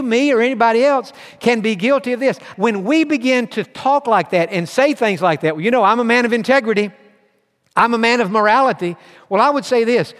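A man's voice: extremely high pitch, fairly bright tone, big-room sound. A man preaching a sermon with earnest emphasis, reading scripture aloud and driving his points home. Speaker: pastor.

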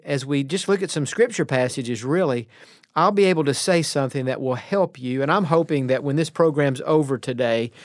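A man preaching a radio sermon in an earnest, plainspoken way, slowing down to stress key words. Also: a little high, no room sound, studio quality.

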